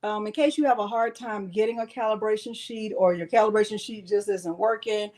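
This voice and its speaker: A woman's voice: medium pitch, steady tone, a little fast, darkish tone. A woman hosting a casual live crafting tutorial from her home craft room, chatting and greeting her viewers by name.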